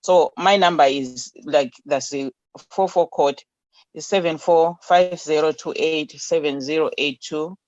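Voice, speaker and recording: A woman founder being interviewed remotely, talking haltingly and repeating words as she searches for them. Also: low voice, steady tone, a little mellow, dry recording. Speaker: charity founder, interview guest. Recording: dull, dry remote line.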